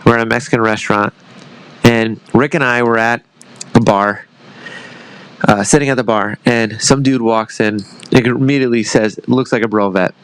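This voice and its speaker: Speaking as a guest on a podcast, an American man in his thirties who retired from the army rambles through his story, cursing freely and making himself the butt of the joke. His medium-pitched voice is a bit bright and clean, with fairly even intonation at a moderate pace, captured on a dry, rough recording.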